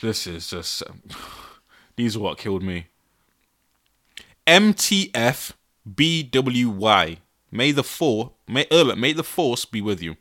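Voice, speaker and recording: Young male podcast host, bright voice, animated and exasperated, laughs often. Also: mid-range voice, slow pace. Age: 20s. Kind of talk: casual solo podcast. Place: his bedroom.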